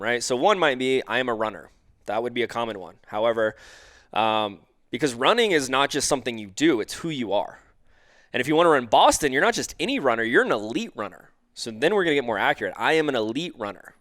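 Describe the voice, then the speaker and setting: A man speaks as a guest life coach in a conversational interview. He works through examples and slips into short acted-out quotes from clients. His voice sits at a middle pitch, and the recording is dry and close. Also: a bit bright, dry recording. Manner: explains with examples and acts out quoted client dialogue.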